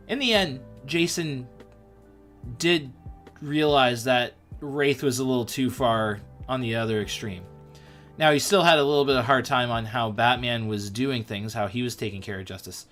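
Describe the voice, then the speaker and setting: A man's voice: medium pitch, measured pace, fairly bright tone, faint music behind. A man hosting a casual livestream, chatting animatedly about comics and scripture and talking straight to his viewers. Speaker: host.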